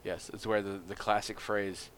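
A man's voice: lowish voice, level tone, moderate pace, a bit bright, slight background noise. A man from the United States in casual conversation, who talks playfully and acts out scenes in silly voices. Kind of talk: casual chat.

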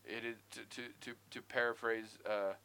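A man co-hosting a podcast in casual chat, talking in an animated, profane way with bursts of mock outrage. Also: lowish voice, normal speed, clear, resonant tone. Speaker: podcast co-host.

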